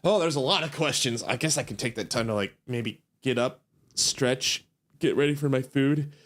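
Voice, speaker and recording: A young man streaming a game for the first time, talking in a drowsy, rambling way with lots of fillers. His voice sits at an ordinary middle pitch. The delivery stays loose and relaxed. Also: normal speed. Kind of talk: casual let's-play commentary.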